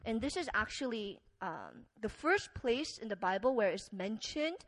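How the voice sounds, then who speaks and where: In a fairly high, sing-song voice at normal speed, a woman preaches an earnest, conversational sermon. She leans on lots of fillers while her volume swings widely, and the audio quality is poor.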